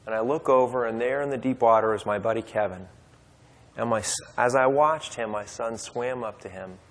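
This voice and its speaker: A man's voice: mid-range voice, moderate pace. A man telling a personal story at a Bible study, casual and conversational with fillers and restarts. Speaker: speaker at a men's Bible study. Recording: long hall reverb.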